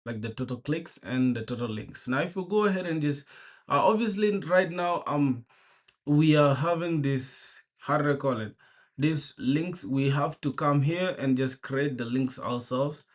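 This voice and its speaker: Slangy young man live-coding on stream. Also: mid-range voice. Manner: laid-back and slangy, greeting viewers by name and thinking aloud. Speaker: programmer streaming his coding. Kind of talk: casual live-stream commentary.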